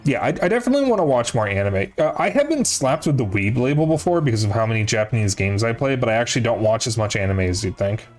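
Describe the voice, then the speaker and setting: A man's voice: medium pitch, expressive, quick pace, few pauses. Young guy rambling on stream, mid voice, bit of music going underneath. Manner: rambling, self-correcting, casually profane. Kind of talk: casual chat to a live chat. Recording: faint music behind voice.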